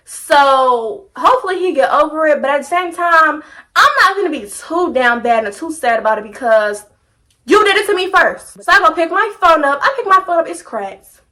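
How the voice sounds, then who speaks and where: Animated high-pitched young woman storyteller. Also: moderate pace. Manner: animated, slangy, repeats phrases for comic effect. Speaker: vlogger telling a story. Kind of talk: casual storytime.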